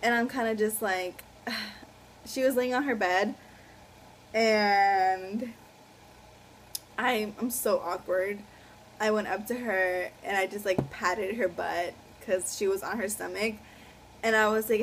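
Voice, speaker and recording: A woman's voice: medium pitch, measured pace, slight background noise, rough recording. A woman in her twenties telling a personal story to camera in a casual, rambling way, full of fillers and a little awkward. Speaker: vlogger.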